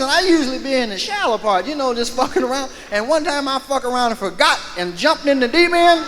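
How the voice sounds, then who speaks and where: A male stand-up comedian telling profane, animated stories on stage and acting out voices. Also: very high voice, fast talker, hardly any pauses, in a large hall. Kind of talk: live stand-up storytelling. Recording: live concert album with crowd and hiss.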